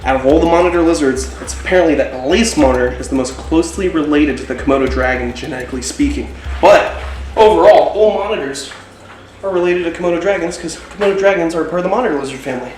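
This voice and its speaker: A man with a voice on the high side and a darkish tone talks at a quick pace, hosting a casual animal-keeping vlog where he enthusiastically coaxes his reptiles along. He's a reptile keeper and show host, picked up from a distance in an echoey room with slight background noise.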